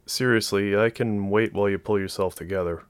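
A man's voice: on the low side, steady tone, brisk, smooth, dry recording, natural voice. A man voicing a young female pilot who speaks in a tentative, apologetic way in an audiobook.

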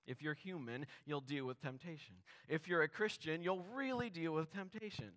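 A man's voice: fairly high pitch, normal speed, a bit bright. A man preaching a sermon as pastor, talking earnestly and conversationally, with many rhetorical questions to the congregation.

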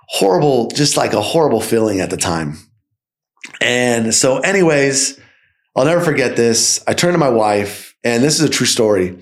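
A man, a podcast guest and sales company founder, telling his story in a casual, energetic way and often checking in with "right?". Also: medium pitch, normal speed.

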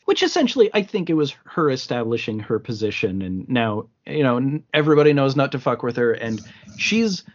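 A man co-hosting a casual film podcast, swearing freely and acting out scenes in quick voices. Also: medium pitch, sing-song, highs cut off. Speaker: podcast co-host.

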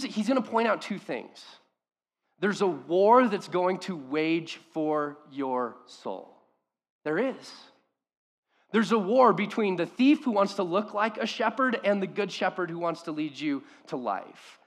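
A man preaching a sermon as pastor, impassioned, swinging between loud emphasis and quiet, hushed lines. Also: high-pitched, long reverb tail.

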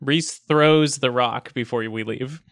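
A man's voice: medium pitch, takes it slowly, a bit bright, no room sound, clean studio sound. A man playing a tabletop game in character, goofy and rambling, filling his speech with "like.". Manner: goofy, filler-heavy, lots of 'like'. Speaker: player.

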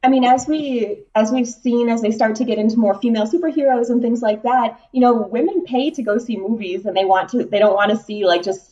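A woman's voice: on the high side, fairly quick, hardly any pauses, mellow, dull audio. Chatty woman, set back from the mic. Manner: chatty, many "like" fillers. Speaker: podcast film reviewer. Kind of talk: casual film review chat. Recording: voice a bit far from the mic.

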